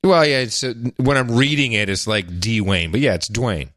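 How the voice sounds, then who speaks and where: A man's voice: medium pitch, brisk, fairly bright tone, no room sound, clean studio sound. A man co-hosting a podcast, bantering in a jokey way and reading news stories aloud. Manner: jokey, reads news clips aloud, mock voices. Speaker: podcast co-host.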